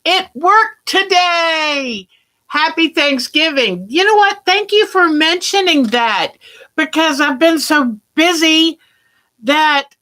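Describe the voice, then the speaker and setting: A woman's voice: high-pitched, bright, forceful tone. A woman hosting a casual quilting livestream, chatting and greeting viewers by name.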